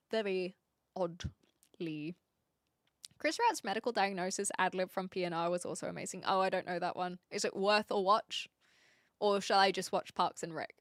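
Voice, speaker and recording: A woman's voice: medium pitch, bright, forceful tone, no room sound, studio quality. A woman from New Zealand with a posh-leaning Kiwi accent, chatting playfully and laughing with her live-stream chat. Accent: New Zealand, mixed and posh-leaning. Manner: playful, giggly, self-mocking.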